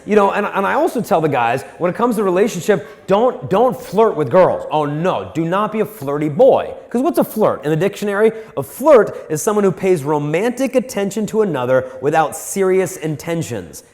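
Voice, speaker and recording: A man's voice: high voice, big pitch swings, normal speed, hardly any pauses, darkish tone. A man giving a live, joking talk on dating to an audience in a large hall, acting out the people he quotes. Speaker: Catholic speaker on dating and marriage. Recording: long hall reverb.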